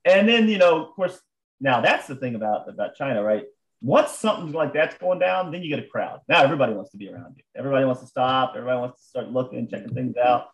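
An American man, a businessman guest, telling stories in an animated, casual way, with frequent restarts. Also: medium pitch, fast talker, highs cut off. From United States. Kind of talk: casual conversational storytelling.

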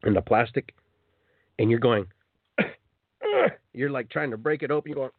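Male radio host, animated spiritual monologue; phone-line quality, dry and close. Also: mid-range voice, unhurried, breathy edge, no echo. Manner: animated, acts out quoted voices.

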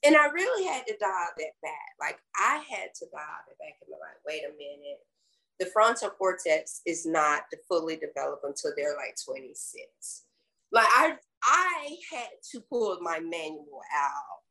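A woman's voice: lowish voice, sing-song, a little slow, gravelly, rough recording. A middle-aged woman from the American South with a Southern accent, co-hosting a podcast and reflecting in casual conversation. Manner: reflective, warm-hearted storytelling with folksy phrases. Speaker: podcast co-host.

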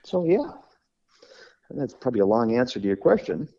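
A man's voice: mid-range voice, very animated, a little fast, warm tone, muffled recording. A man who runs a funeral home, talking on a podcast and rambling through stories while he acts out the dialogue. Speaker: funeral director. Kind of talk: podcast conversation.

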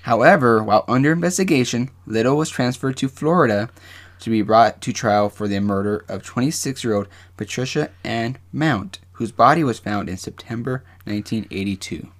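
A man's voice: medium pitch, moderate pace. A man co-hosting a casual true-crime podcast, who reads out case facts and cracks jokes between them. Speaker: podcast co-host.

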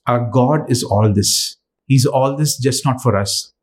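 A man preaching a sermon, earnest and halting, with frequent fillers and restarts. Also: mid-range voice, a little mellow.

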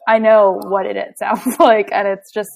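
A woman's voice: medium pitch, moderate pace, gravelly. A young woman co-hosting a casual parenting podcast, telling frank stories and acting out exchanges with her family. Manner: frank, animated storytelling, acts out exchanges. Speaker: podcast co-host, mother. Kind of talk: casual chat.

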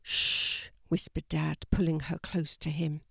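An older woman narrating a children's story in a slow, gentle storybook manner. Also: fairly low pitch, dry recording, clean studio sound.

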